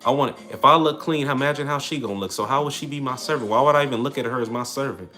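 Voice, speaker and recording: A man's voice: mid-range voice, fast talker, bright, forceful tone, soft background music. A young man, hosting a casual livestream and answering comments in a brash, slangy, trash-talking way. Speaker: livestream host.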